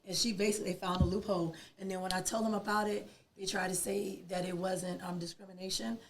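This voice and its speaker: A woman, a podcast guest telling a personal story in an animated, emphatic way. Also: medium pitch, fast talker, a little hiss or hum. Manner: animated, emphatic, acts out quoted dialogue.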